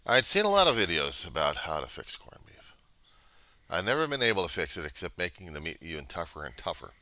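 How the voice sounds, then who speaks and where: A man's voice: sits low, big pitch swings, a little fast, sharp tone, dry recording. A man rambling casually to camera, grumbling and meandering, sometimes dropping to a mutter. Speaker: vlogger.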